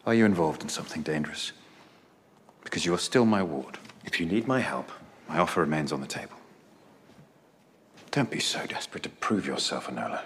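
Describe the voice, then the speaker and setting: Sherlock Holmes coolly deducing. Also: male voice, extremely low pitch, lively intonation, fairly quick, pauses often. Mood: concerned warning. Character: sharp-eyed stern male detective, adult. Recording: film clip with roomy echo, faint noise.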